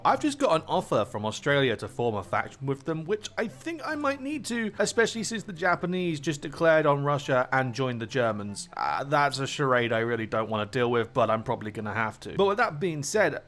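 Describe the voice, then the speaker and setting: A man's voice: mid-range voice, fairly bright tone. A young man giving casual, rambling commentary on a strategy game, often laughing at his own jokes. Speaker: gaming channel host.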